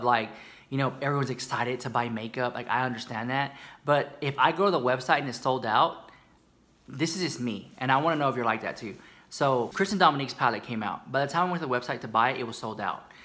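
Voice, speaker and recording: An American beauty commentary YouTuber gossips sassily to camera about beauty news, chatty and dramatic, calling the viewer "girl." His mid-range voice moves at a quick pace with a bright, forceful tone.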